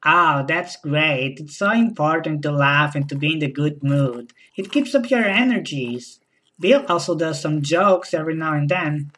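A woman's voice: sits low, moderate pace, a bit bright, poor audio. A woman acting in a comedy sketch as an eager hostess who speaks about home life in earnest corporate buzzwords. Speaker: sketch actor playing a corporate-speak wife.

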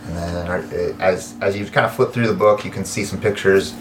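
A man narrating as game master in a tabletop game, pausing and restarting as he searches for words. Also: deep voice, steady tone, noisy background.

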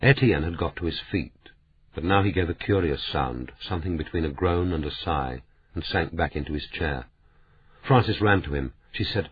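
A man narrating an audiobook in a steady, measured reading. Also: deep voice, husky. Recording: tinny phone-like sound.

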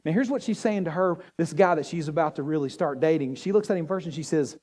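A man preaching a sermon as pastor, animated and joking with the congregation. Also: a little high, fast, few pauses. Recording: long hall reverb.

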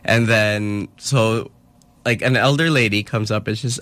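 A young man with a Filipino accent hosting a call-in radio show, telling stories in a lively, chatty way. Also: fairly low pitch, fairly quick. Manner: lively storyteller, mixes English and Tagalog. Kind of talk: casual call-in radio chat.

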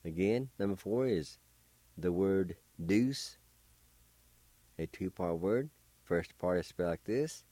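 A man's voice: deep voice, expressive, a little slow, pauses often, darkish tone, dry recording. A man hosting a radio language lesson, patiently spelling and pronouncing words syllable by syllable. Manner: patient, encouraging teacher. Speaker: radio host teaching a language.

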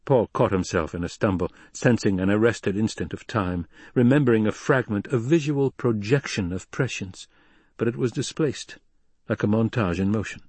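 A man reading a novel aloud as an audiobook narrator, in an even, measured way. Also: fairly low pitch, breathy edge, no echo. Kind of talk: scripted narration.

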